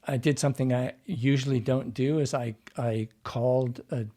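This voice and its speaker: A dialect coach telling anecdotes in a relaxed, rambling way, full of fillers and restarts. His voice is mellow and a little husky. He sounds like a man chatting casually in an interview. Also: medium pitch, moderate pace.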